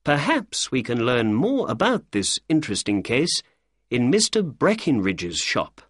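A man voicing a keen, sharp-witted male detective who asks brisk, polite questions in an audiobook reading. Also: mid-range voice, wildly swooping pitch, no echo, studio quality. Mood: inquisitive.

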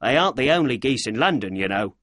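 A man's voice: mid-range voice, lively intonation, quick pace, fairly bright tone, no room sound, clean studio sound. A man voicing an irritable middle-aged male poultry seller who talks defensively in an audiobook reading. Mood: grumbling.

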